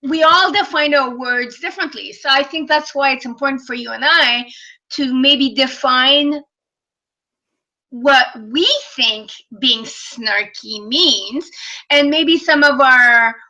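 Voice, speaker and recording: Woman cohost thinking out loud, slow, bright high voice. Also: low-quality recording. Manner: slow, thoughtful, halting with fillers. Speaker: co-host, stepmom coach. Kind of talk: casual chat.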